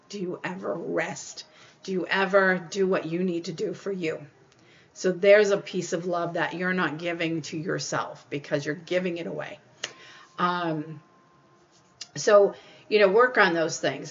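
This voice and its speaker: A woman's voice: on the low side, highs cut off. A woman hosting her own podcast, giving earnest, casual life advice and often acting out what other people say. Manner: earnest, repeats points, acts out quoted people. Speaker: podcast host.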